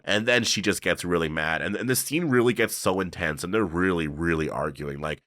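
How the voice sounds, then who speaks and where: A man with a very low voice talks through a TV episode review. He rambles and leans on fillers, excitable but loose. The sound is dry and close. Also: normal speed, few pauses, dry recording. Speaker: show reviewer. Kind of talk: casual video breakdown.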